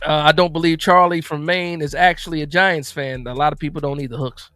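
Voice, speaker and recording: A man from New Jersey hosts a live football stream in a relaxed, rambling way, repeating phrases as he answers his chat. His voice sits on the higher side and sounds dry and close. Faint music plays underneath. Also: a little fast, clear, resonant tone, no echo. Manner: loose, repetitive, reads and answers chat. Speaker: live-stream sports show host.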